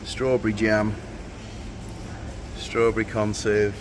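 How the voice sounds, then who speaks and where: A man's voice: on the low side, level tone, slow, noisy background. A man hosting a fishing vlog in casual, jokey banter, often laughing and teasing his mate. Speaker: fishing video host.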